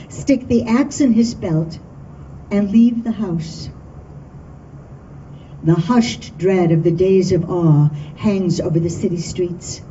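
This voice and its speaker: A woman's voice: medium pitch, a little hiss or hum. Woman telling a folk tale, from afar. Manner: lively, expressive storytelling. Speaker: storyteller. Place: dinner event hall. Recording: dull distant room recording with faint ambience.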